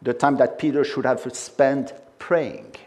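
A man's voice: mid-range voice, steady tone, a little slow, a little mellow. A man preaching a sermon with emphatic delivery and frequent conversational asides.

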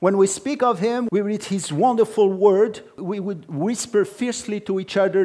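Emphatic preacher, man, fairly high voice. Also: expressive, moderate pace, hardly any pauses, warm tone. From Jewish background, no country stated. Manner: earnest, emphatic, storytelling asides with "okay" and "by the way". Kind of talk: sermon.

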